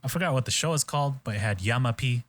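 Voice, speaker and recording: A man's voice: medium pitch, lively intonation, fast talker. A man hosting a podcast, chatting casually and retelling scenes with quoted voices, plenty of swearing and loose filler. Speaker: podcast host. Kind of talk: casual chat.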